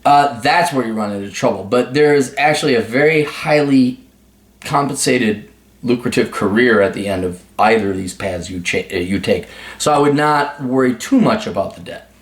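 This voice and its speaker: A man's voice: medium pitch, normal speed, reverberant. A man hosting an advice video, giving blunt, profane, sarcastic answers in a ranting monologue. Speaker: advice show host.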